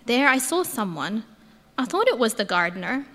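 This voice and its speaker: A woman's voice: a little high, big pitch swings, moderate pace, sharp tone, heavily acted. A woman acting as Mary Magdalene, reading a heartfelt first-person account in a church. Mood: awed, tearful. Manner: earnest, heartfelt storytelling. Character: Mary Magdalene, grieving then overjoyed woman disciple. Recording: echoey church hall.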